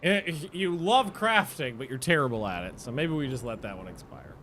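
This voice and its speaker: Bright-voiced man chatting over gameplay. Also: mid-range voice, lively intonation, moderate pace, slight background noise. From United States. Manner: chatty, rambling, self-correcting. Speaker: streamer. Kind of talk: casual gameplay commentary.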